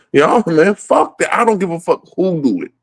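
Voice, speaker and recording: Laughing, profane man, lively pitch. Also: slow pace, breathy edge, no echo. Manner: profane, laughing often mid-sentence. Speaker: comedic ranter. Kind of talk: casual comedic rant.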